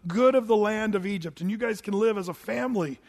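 남자 목사가 연기하는 편하고 너그러운 왕, 높은 톤의 남자 목소리, 가벼운 말투. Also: male voice, high-pitched, brisk, darkish tone. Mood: cheerful. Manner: casual, breezy. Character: friendly Egyptian king, man, casual and generous.

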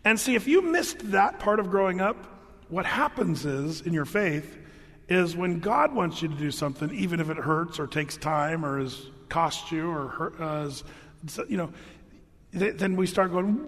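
A man's voice: high voice, animated, fairly quick, fairly bright tone. A middle-aged man preaching a sermon as a pastor, in a conversational, storytelling way with frequent restarts. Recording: long reverb of a large hall.

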